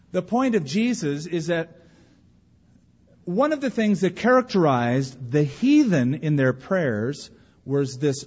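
A man's voice: a little high, a little mellow, breathy edge. A man preaching a sermon as a pastor, telling stories and acting out the voices he quotes. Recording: dull audio with long hall reverb.

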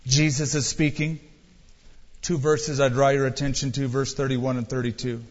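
A man's voice: mid-range voice, level tone, moderate pace, in a large hall, highs cut off. A man pastor preaching a sermon in a church, urging his listeners directly and emphatically.

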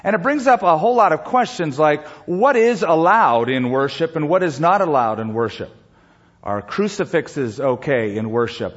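A man with a slightly higher voice preaches a sermon, reading scripture and telling a story at an unhurried pace with pauses. The recording is dull and lo-fi. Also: husky. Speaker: pastor.

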